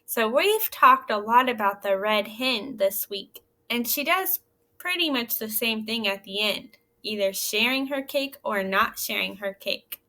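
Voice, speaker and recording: A woman teaching young children in a recorded lesson, reading a story aloud and asking gentle, encouraging questions. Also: on the high side, lively intonation, unhurried. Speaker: elementary school teacher.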